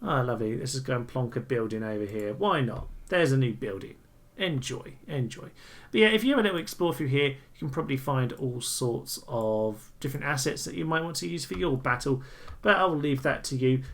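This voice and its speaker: A man giving casual, amused commentary over a strategy game, chatty and full of quick asides. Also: medium pitch, lively intonation. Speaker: gaming channel host.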